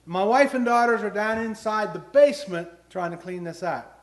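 Earnest high-voiced male preacher. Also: normal speed. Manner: earnest storytelling, rising to emphatic questions. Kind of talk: sermon with personal stories.

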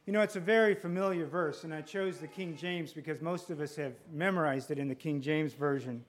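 A male preacher delivering a sermon with a deliberate, emphatic manner, often repeating phrases for effect. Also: on the high side.

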